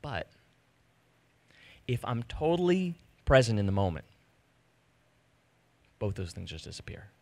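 A man in his thirties telling a personal story to a live audience, animated and self-deprecating, acting out the conversations he recounts. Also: lowish voice, measured pace, gravelly, pauses often, no room sound. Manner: animated, self-deprecating, acts out quoted exchanges. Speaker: speaker giving a personal talk. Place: stage before an audience.

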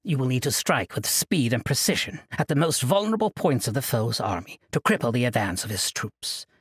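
A man's voice: mid-range voice, big pitch swings, fairly quick, breathy edge, no room sound, clean studio sound. A man voicing a sly, scornful female assassin in an audiobook, with a taunting, mocking manner.

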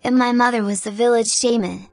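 A woman voicing a timid young female zebra who speaks softly and haltingly. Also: on the high side, fairly even intonation, creaky, no room sound, soft background music. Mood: timid, sad. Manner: soft, hesitant, halting.

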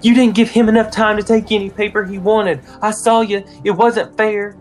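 A man voicing a defiant village wife who loudly protests that things were unfair. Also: fast, soft background music, close to an everyday voice. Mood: outraged. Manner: shrill, defiant, loud.

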